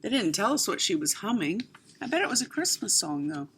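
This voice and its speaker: A woman reading a children's picture book aloud, expressive, with chatty asides to her young listeners. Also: mid-range voice, brisk, slight background noise. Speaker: storyteller.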